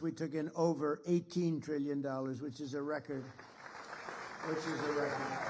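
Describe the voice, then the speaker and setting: A man's voice: fairly high pitch, creaky. A man speaking as president, giving a rambling, repetitive and boastful political speech to an audience in an indoor room.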